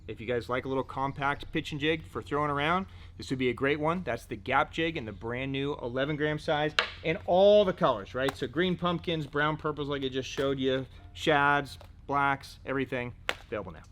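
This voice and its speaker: A man's voice: mid-range voice, normal speed, a bit bright, a little hiss or hum. A man presenting fishing gear in a casual product showcase, chatty and joking, often filling gaps with "so" and "right?". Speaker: fishing tackle shop presenter.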